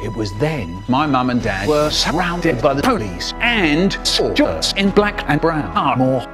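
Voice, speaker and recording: A man telling a spliced-together comic story in an animated voice that jumps into sudden squeaky highs. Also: measured pace, music in the background.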